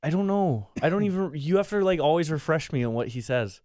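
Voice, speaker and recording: A man co-hosting a podcast in casual chat, excitable, laughing easily and swearing freely. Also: a little high, a little fast, no echo, clean studio sound. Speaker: podcast co-host.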